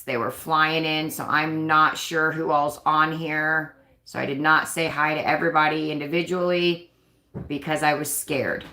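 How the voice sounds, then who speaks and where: A woman's voice: low-pitched, sharp tone, roomy sound. A woman hosting a casual live stream, chatting and rambling in a self-conscious way. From United States. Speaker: livestream host.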